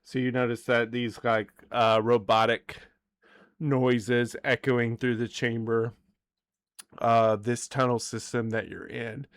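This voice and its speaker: A man running a tabletop game as dungeon master, narrating in a relaxed, rambling way and often correcting himself. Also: medium pitch, takes it slowly, clean tone, dry recording, studio quality.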